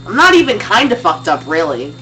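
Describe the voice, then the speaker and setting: A woman's voice: mid-range voice, fairly quick, recorded from a distance, faint music behind, rough recording. A young woman chatting casually and teasing, telling crude family stories with lots of energy. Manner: animated, crude and teasing storyteller. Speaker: streamer's sister. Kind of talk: casual chat.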